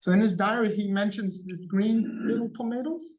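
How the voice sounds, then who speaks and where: A man's voice: high-pitched, normal speed, darkish tone, recorded from a distance. A middle-aged man giving a public talk, telling a family story in a conversational way and acting out the lines of the people in it. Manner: conversational storytelling, acting out quoted dialogue with his father. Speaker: guest speaker. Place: event hall. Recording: dull sound, speaker somewhat off mic.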